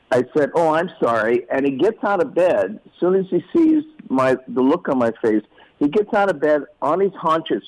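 A man telling childhood stories in a relaxed interview, acting out voices as he goes. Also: medium pitch, no room sound, rough recording. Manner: animated, acts out quoted voices. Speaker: guest storyteller. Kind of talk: casual storytelling in an interview.

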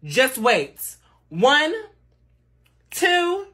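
A man's voice: very high voice, huge pitch swings, drawn-out words, pushed and bright, exaggerated voice. A man voicing a tough, defiant teenage schoolgirl in a comedy skit, sassy and profane. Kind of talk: comedy skit, one performer plays everyone.

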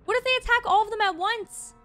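A woman hosting a reaction video, excitable and gasping often, talking to her viewers. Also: extremely high pitch, fast talker, faint music behind.

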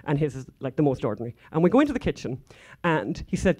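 A woman's voice: low voice, big pitch swings, fast talker, dark tone. Irish woman, conference speaker, rambling anecdotes, lots of asides. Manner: chatty, rambling, frequent asides and fillers. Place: conference hall stage.

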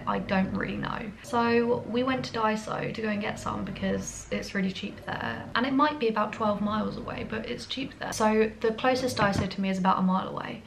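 A young British woman chatting to her camera at home, recorded on a compact camera's built-in mic. She rambles through stories with quick self-mocking asides, at an ordinary mid pitch, with a faint hiss of room noise behind her. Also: gravelly, rough recording. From England. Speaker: vlogger. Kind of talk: casual vlog storytelling. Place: her apartment indoors.

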